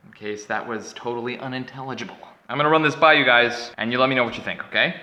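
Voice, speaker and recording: A man vlogging to camera, telling a comic story in an animated, exaggerated, self-mocking way. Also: mid-range voice, fast, muffled recording. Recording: echoey room.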